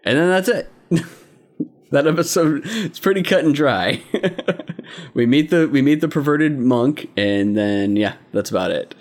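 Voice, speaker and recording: A man's voice: fairly high pitch, lively intonation, a little slow. A man in a casual podcast chat, walking through anime episodes. He laughs often and rambles, restarting his sentences as he goes. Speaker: podcast co-host.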